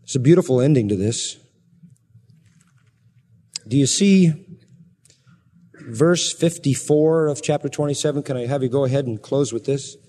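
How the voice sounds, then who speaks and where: A man preaching a sermon, swinging between loud emphatic passages and hushed, quiet ones. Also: medium pitch, moderate pace, long pauses, in a large hall. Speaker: pastor.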